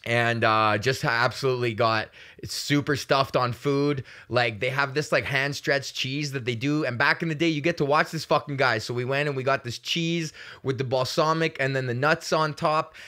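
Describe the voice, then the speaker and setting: A man's voice: medium pitch, sharp tone. A young man hosting his own show, talking in a casual rambling monologue, crude and joking with lots of swearing. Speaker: podcast host.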